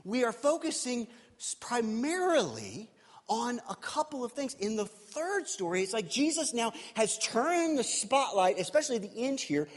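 A man's voice: very high-pitched, very animated, normal speed, big-room sound. A man, a pastor, preaching a sermon in a conversational way, asking his listeners rhetorical questions.

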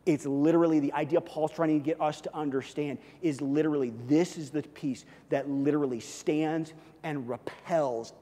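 A man preaching a sermon in a lively, animated way, now and then acting out imagined lines. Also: medium pitch, big-room sound. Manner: animated preaching, acts out God's voice in asides. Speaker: pastor.

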